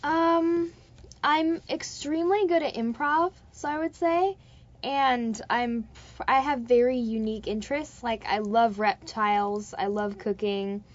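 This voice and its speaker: A woman's voice: fairly high pitch, fairly even intonation, unhurried. A young female guest in a casual interview, talking eagerly about her skills. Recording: dull lo-fi recording.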